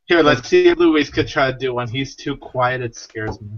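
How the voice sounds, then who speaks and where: A man's voice: mid-range voice, normal speed. A man hosting a casual live stream chat, laid-back and teasing, swearing now and then. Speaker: host. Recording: dull lo-fi audio with faint noise.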